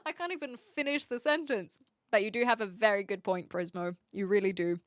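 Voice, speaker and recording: A woman's voice: medium pitch, brisk, dry recording, studio quality. A woman streamer chatting casually and reading viewer comments aloud, giggly and joking. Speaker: livestreamer.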